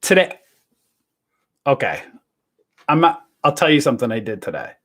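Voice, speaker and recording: A man's voice: medium pitch, big pitch swings, moderate pace, a bit bright. A man hosting a casual livestream from home during self-quarantine, joking and tossing rhetorical questions at his viewers. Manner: chatty and joking, asks the audience rhetorical questions. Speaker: livestream host. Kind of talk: casual rambling livestream rant.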